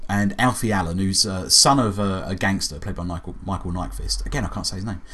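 A man, casually retelling a film's plot to a co-host, animated, laughing often and swearing freely. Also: low-pitched, fairly quick. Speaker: podcast co-host reviewing a film. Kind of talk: casual chat.

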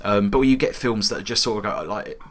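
A man's voice: fairly low pitch, fairly quick, over a noisy crowd. A man co-hosting a casual film review podcast, rambling and joking, with the odd swear word. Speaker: podcast co-host.

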